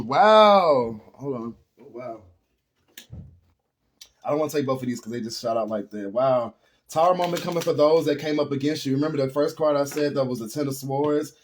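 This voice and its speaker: Guy doing a tarot reading, all emotional and earnest, rambles a lot, calls everyone y'all, regular pitch. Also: darkish tone, slight background noise. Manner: addresses viewers as y'all. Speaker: tarot reader. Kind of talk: casual spiritual tarot reading.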